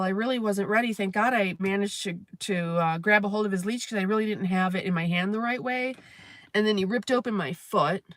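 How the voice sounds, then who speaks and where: A woman talks straight into the mic in a loose, rambling venting monologue, blunt and quick to swear. Her pitch sits in a typical middle range, and the sound is dry and close with no room echo. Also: a bit bright. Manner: candid, profane, rambling. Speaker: live-stream host.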